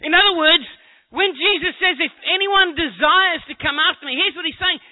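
A man's voice: extremely high pitch, normal speed. A man preaching a sermon to a congregation, talking conversationally and joking with the people in the room. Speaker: pastor. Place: church hall with congregation. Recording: echoey hall on a tinny phone-like line.

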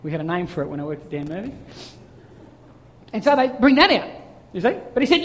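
A male pastor preaching a lively sermon, telling stories and acting out little voices as he goes. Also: high voice, fast, long pauses. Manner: animated storytelling, acts out voices. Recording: long hall reverb.

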